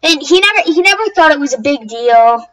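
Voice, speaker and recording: A woman's voice: high-pitched, expressive, brisk, a bit bright, rough recording. A woman telling a story to her viewers in a casual, rambling way, often restarting and correcting herself. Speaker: YouTuber.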